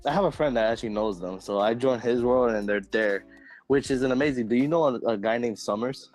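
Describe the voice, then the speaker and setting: Man, podcast co-host, excited casual chat, mid voice, faint music behind. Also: medium pitch, quick pace, low-quality recording.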